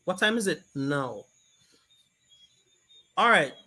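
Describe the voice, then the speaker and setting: A man's voice: a little high, very animated, slow pace, sharp tone, breathy edge. A man with a Jamaican accent hosting a casual live stream, reading viewer comments aloud and greeting people by name.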